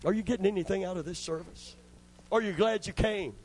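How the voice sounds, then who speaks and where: An older male preacher delivering a sermon, his voice sitting a little high for a man. He moves from quiet storytelling into fervent, rising calls, asking the church for amens. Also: brisk, rough recording.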